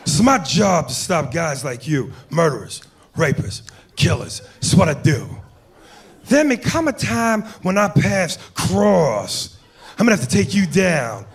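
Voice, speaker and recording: An intense, explosive movie-star cop, as a male comedian impersonates him. The delivery is slow and drawn out, and it flares from quiet menace into shouting in a fairly high voice. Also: big pitch swings, breathy edge, heavily acted. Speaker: comedian impressionist.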